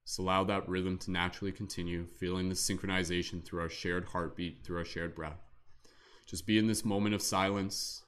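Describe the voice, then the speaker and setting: A man with a deep, low voice leads a guided meditation on a livestream. He speaks slowly and soothingly, in a gentle guiding tone. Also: a little hiss or hum. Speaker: meditation leader and show host.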